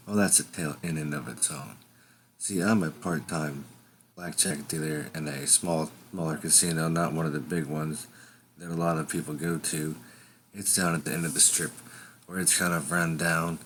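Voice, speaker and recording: Deep-voiced man rambling through a tale. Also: fairly bright tone, a little hiss or hum. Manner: rambling, conversational asides. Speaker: storyteller. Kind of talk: improvised fiction narration.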